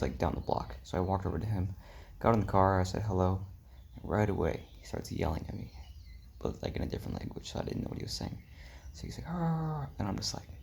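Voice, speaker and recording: A man's voice: low-pitched, creaky, a little mellow, a little hiss or hum. A young man telling a rambling travel story in a casual vlog, full of "like" and "um", slipping into whispery asides. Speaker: travel vlogger.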